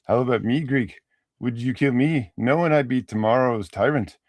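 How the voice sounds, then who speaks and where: A man voicing a troubled, intense man in a short story, low and brooding. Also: normal speed, a little mellow, no room sound, close to an everyday voice.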